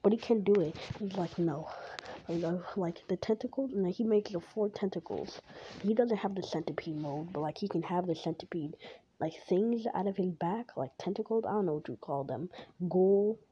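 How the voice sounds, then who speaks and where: A woman's voice: on the low side, normal speed, dark tone. A woman telling a fan story in a rambling, casual way, full of "like" and restarts. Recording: dull lo-fi with faint hiss.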